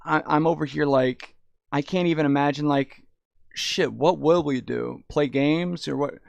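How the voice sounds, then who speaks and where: Young man, gravelly, slightly high voice, dry close headset sound, rambling casual chat. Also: steady tone, a little slow, a little mellow, no echo, dull audio. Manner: rambling, swears a lot, says "dude" often. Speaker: VR streamer.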